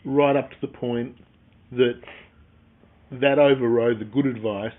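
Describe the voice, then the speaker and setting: Man co-host, mid-pitched, guides the chat with questions and summaries, narrow phone-like sound. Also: fairly even intonation, measured pace. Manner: steering the talk with prompting questions. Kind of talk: casual chat.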